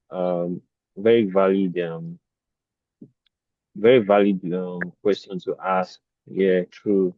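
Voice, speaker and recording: A man hosting a podcast in casual conversation, relaxed, laughing often and pausing on fillers. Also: lowish voice, no room sound, highs cut off.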